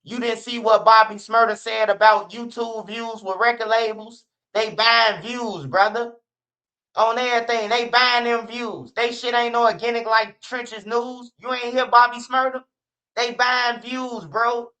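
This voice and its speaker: A man's voice: very high voice, level tone, a little slow, sharp tone. A man from Chicago with a Chicago accent, hosting a livestream and giving blunt, profane street-talk commentary. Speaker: livestream host. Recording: muffled lo-fi stream audio.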